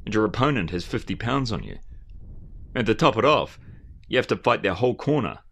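A man's voice: lowish voice, sing-song, brisk, creaky, fairly bright tone. A man giving a rambling, earnest and emphatic commentary, often restarting his phrases. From Australia.

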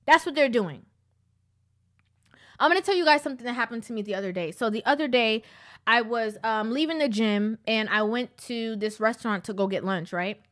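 High-voiced woman preaching through a story. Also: fairly quick, a bit bright. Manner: preachy, repeats herself for emphasis. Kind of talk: casual storytelling commentary.

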